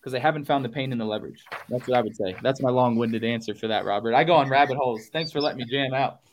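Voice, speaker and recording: A man's voice: mid-range voice, fast, slight background noise. A man coaching on goals in a motivational podcast talk, punchy and emphatic, repeating phrases for effect and casually calling listeners y'all. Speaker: business coach guest.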